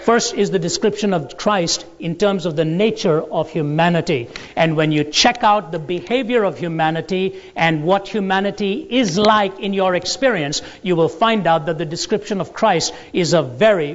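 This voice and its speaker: Male lecturer, higher-pitched voice, deliberate storyteller, long hall reverb. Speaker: Christian apologetics lecturer. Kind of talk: lecture with anecdotes and jokes. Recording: dull lo-fi recording in a large reverberant hall.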